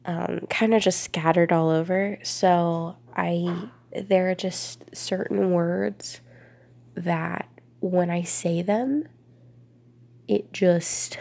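A congested young woman from Florida chatting casually to camera, drifting into soft whispers between answers. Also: lowish voice, creaky. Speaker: vlogger.

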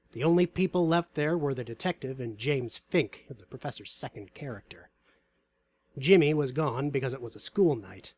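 A man reading aloud a story about a tabletop game session in a wry, deadpan way. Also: mid-range voice.

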